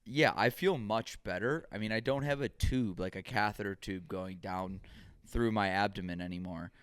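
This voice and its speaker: A man's voice: fairly low pitch, normal speed, a bit bright, clear, resonant tone, no room sound. A man co-hosting a casual podcast, telling rambling stories and acting out quoted dialogue. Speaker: podcast co-host.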